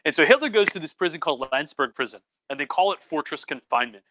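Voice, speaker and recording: A tipsy man lectures like a professor, rambling at home with plenty of fillers and little mocking voices for the people he quotes. His voice sits a bit high and sounds bright. The sound is dry and close. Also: lively intonation, fast, no echo. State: drinking, tipsy. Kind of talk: casual tipsy lecture livestream.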